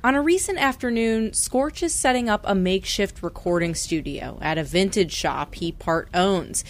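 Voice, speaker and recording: A woman radio reporter in scripted news narration, clear and measured. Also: medium pitch, animated, slight background noise.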